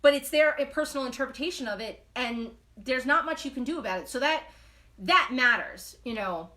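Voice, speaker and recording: A woman's voice: sits high, lively intonation, fairly quick, pushed and bright. A young adult woman hosting a live stream, chatting in a blunt, casual way, swearing freely and reading viewer comments off her phone. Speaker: host of a live knitting stream.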